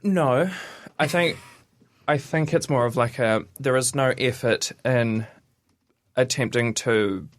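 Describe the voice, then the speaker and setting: A man, co-hosting a casual radio chat and reading quiz items aloud in a steady list. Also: medium pitch, takes it slowly, dry recording, studio quality. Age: 20s. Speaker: radio co-host. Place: radio studio.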